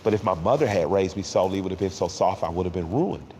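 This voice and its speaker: A man's voice: low-pitched, quick pace, dark tone, in a large hall. A man in his forties talks in an interview, heartfelt and reflective. He stumbles over repeated words when emotion rises, and tears sometimes come into his voice. A faint background hiss sits under the recording. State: tearful at times. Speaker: interview guest, rapper.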